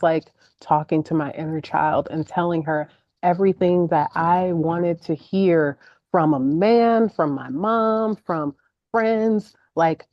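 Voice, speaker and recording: A woman's voice: on the low side, no echo, dull audio. A woman guest in a casual conversation, speaking candidly and filling her speech with "like". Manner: candid, says "like" a lot.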